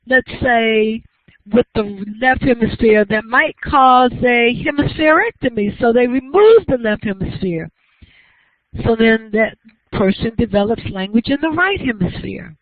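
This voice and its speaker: A woman lecturing to a class, explaining each idea patiently and often pausing to ask whether everyone follows. The recording is dry and thin, with a narrow, phone-like sound. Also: a little high, lively intonation, no room sound. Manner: explanatory, checks understanding with frequent questions. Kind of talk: university lecture.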